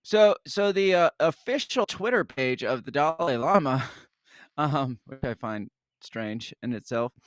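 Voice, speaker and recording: A man's voice: medium pitch, expressive, unhurried, no echo, studio quality. A man co-hosting a casual news podcast, reading stories aloud and commenting in a wry, hesitant way. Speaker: podcast co-host.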